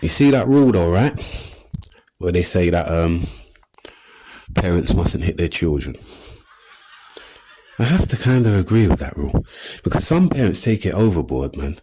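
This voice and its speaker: Deep-voiced East London stand-up comic. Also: male voice, moderate pace, pauses often, a little hiss or hum, rough recording. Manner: animated, streetwise slang, acts out scenes. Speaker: stand-up comedian. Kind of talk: stand-up comedy set. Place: comedy stage before a live audience.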